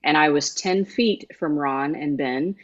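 Low-voiced woman telling a story with feeling. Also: a little slow, lo-fi sound. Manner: emotional, emphatic storytelling. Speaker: guest, former sideline reporter. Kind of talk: conversational interview.

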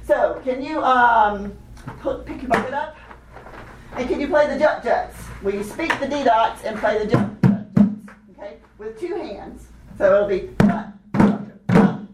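A woman leading a hands-on children's music workshop, animated and laughing often as she teaches chanted rhythms. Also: a little high, measured pace, heavy background noise. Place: workshop room with participants. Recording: echoey room, voice from a distance.

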